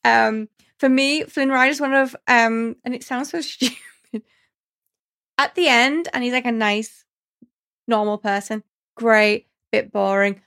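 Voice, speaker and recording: A woman's voice: a little high, steady tone, measured pace, pauses often, a bit bright. A woman in a casual chat, talking enthusiastically and acting out quotes in different voices.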